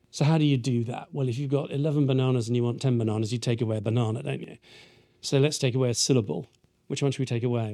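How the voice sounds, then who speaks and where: Brief: British male teacher running a lively, playful drama workshop with lots of audience questions. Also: medium pitch, gravelly. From Britain. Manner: animated, playful, taps out verse rhythms aloud. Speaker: workshop leader.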